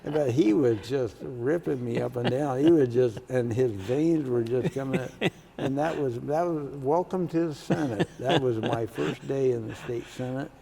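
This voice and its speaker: A man's voice: mid-range voice, normal speed, gravelly, over a noisy crowd. An older man, a former state senator, telling stories from his career in an oral history interview. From Kansas, United States. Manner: storytelling, acts out quoted voices loudly.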